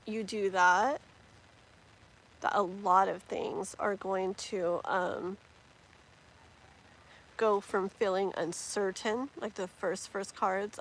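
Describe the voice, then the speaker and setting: A woman's voice: mid-range voice, low-quality recording. A woman giving tarot readings on a live stream, chatty and rambling with many fillers and restarts. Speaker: tarot reader.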